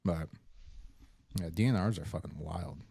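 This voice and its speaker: A man's voice: measured pace, gravelly, husky, no echo. A young man from Florida, hosting a casual podcast chat, swearing freely and acting out stories. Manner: animated storyteller, swears a lot, acts out quotes in a high voice. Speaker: podcast host.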